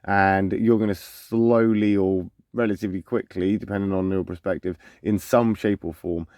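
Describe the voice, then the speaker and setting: A man with a fairly low voice delivers a relaxed zodiac reading for his channel. He talks loosely and conversationally, circling back and repeating himself. The sound is dry, with no room echo. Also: moderate pace. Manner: conversational, loose, repeats phrases and restarts often. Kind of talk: casual zodiac forecast reading.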